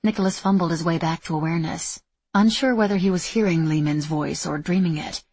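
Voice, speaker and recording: A woman narrating a novel in a steady, even reading style. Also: on the low side, brisk, husky, dry recording. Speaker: audiobook narrator. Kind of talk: scripted narration.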